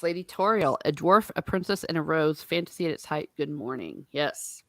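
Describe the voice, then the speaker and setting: A woman hosting a casual book discussion, chatty and animated, laughing often and swearing casually. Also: low-pitched, measured pace, no echo. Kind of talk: casual chat.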